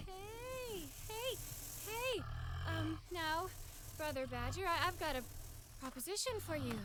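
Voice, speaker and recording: A breathless, whiny video game character, very high-pitched and swooping. She drags her words slowly, with clear noise behind her. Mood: pleading. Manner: pleading, whiny. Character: whiny out-of-shape woman, panting. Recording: game audio with steady noise.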